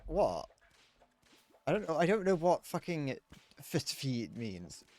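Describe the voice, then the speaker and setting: A man's voice: a little high, very animated, slow pace, a little mellow. A man chatting casually while streaming a game, rambling, swearing, and stammering through restarts. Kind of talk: casual live-stream chat while gaming.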